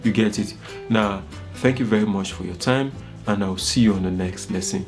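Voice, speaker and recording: A man's voice: on the low side, moderate pace, faint music behind. A young man with a Nigerian accent teaching an informal online course, coaching his listeners and often checking "you get it?". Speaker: course instructor.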